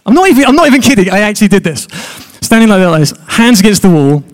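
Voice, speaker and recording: A man's voice: high-pitched, very animated, rapid-fire. A man preaching a sermon, chatty and joking with his congregation.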